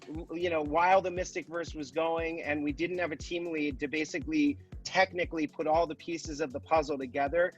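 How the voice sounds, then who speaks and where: An enthusiastic man hosts a group chat over a video call, his voice sitting a little high. He rambles and restarts as he talks, and faint music runs underneath. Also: fairly even intonation, brisk, few pauses, lo-fi sound. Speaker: host.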